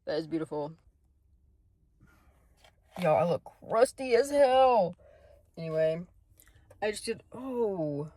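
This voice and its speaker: A woman's voice: lowish voice, animated, takes it slowly, pauses often, warm tone, no room sound. A young woman chatting casually to her phone camera in a vlog, bubbly and gushing, full of slang. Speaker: vlogger.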